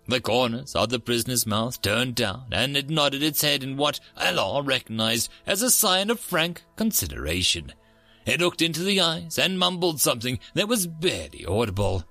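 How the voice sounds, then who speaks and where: A man hosting and narrating science fiction stories in a theatrical, expressive way. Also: on the high side, moderate pace, no room sound, faint music behind. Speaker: story narrator and channel host. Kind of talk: scripted sci-fi story narration.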